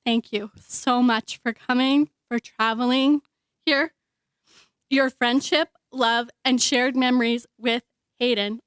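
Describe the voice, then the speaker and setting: Woman, high voice, emotional eulogy, halting, dry close sound. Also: a bit bright, clean tone, no room sound. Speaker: eulogy speaker, sister. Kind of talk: memorial speech. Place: memorial hall.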